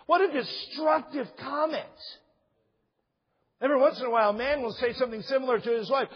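A man with a high, husky voice preaches a sermon to his congregation, jumping from soft asides to shouted emphasis. He quotes scripture and acts out little stories. The recording is muffled and lo-fi. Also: a little fast, in a large hall. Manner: animated preaching, rising to shouts, quoting scripture and acting out stories. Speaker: pastor.

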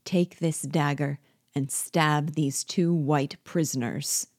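A woman reading aloud and voicing a cold, commanding male rebel general who speaks in clipped, measured orders. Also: deep voice, darkish tone, no echo, clean studio sound. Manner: cold and clipped, then impatient.

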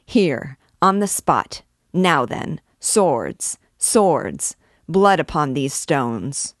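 A woman's voice: low voice, dry recording, clean studio sound. A woman voicing a brash, hot-tempered young army captain in a read-aloud novel. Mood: furious. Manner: swaggering and quick to anger.

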